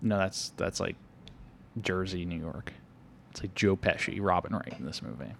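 Young male podcast co-host, low voice, loose filler-heavy movie chat. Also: normal speed, vocal fry, a bit bright, slight background noise. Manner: rambling, filler-heavy, laughs often. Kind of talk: casual movie-review chat.

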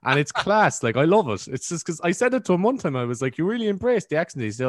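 A man's voice: fairly high pitch, big pitch swings, a little fast, few pauses, noisy background. A man with a Cork Irish accent, a podcast guest chatting in an easygoing, enthusiastic way with lots of fillers. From Ireland. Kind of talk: casual chat.

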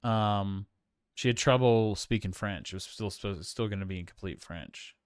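A man's voice: on the low side, normal speed, smooth, dry recording, clean studio sound. A man co-hosting a casual film review chat, rambling with many fillers and restarts. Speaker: podcast co-host.

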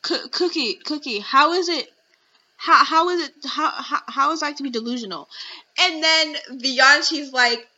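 Here the young woman's voice sits high, moving at normal speed with a pushed, bright quality, and the sound is lo-fi. Hosting her casual podcast, she rants indignantly and exasperatedly while reading chat messages aloud.

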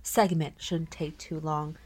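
A woman's voice: low-pitched, flat delivery, takes it slowly, a little mellow, slightly rough. A woman co-hosting a podcast in casual early-morning chat, sleepy and yawning, laughing often. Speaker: podcast co-host.

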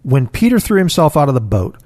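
A man's voice: fairly high pitch, big pitch swings, a little fast, warm tone. A man co-hosting a casual Bible discussion, picturing scenes aloud and reading verses.

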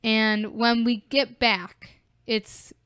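Smooth-voiced young woman podcast co-host. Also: on the high side, little pitch movement, very slow, fairly bright tone, no room sound. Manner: casual, recaps plot with many fillers. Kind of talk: casual film discussion.

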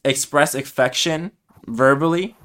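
Smooth-voiced young man, hesitant and reflective. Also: on the high side, measured pace, fairly bright tone. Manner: hesitant and reflective, many fillers. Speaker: podcast co-host. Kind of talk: casual conversation.

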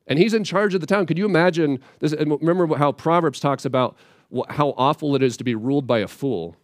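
A man's voice: a little high, fast, no echo. Casual, plainspoken male preacher, dry sound. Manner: casual, plainspoken, animated asides. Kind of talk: conversational Bible teaching.

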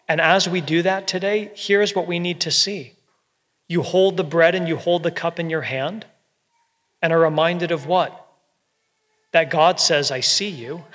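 A man preaching a sermon as pastor, earnest and gentle, with soft quoted asides. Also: fairly high pitch, in a large hall.

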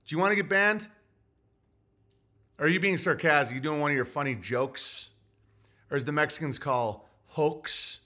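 A man's voice: fairly high pitch, normal speed, pauses often, pushed and bright. A man hosting a solo livestream, reading super chats in a grumpy, sarcastic ranting way.

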